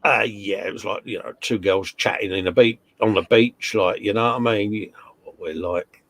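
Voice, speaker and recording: His voice is fairly low in pitch and steady in tone, moving at a moderate pace. As co-host of a casual modelling chat stream, he reads viewer comments aloud, bantering in a jokey, matey way and calling people mate and fella.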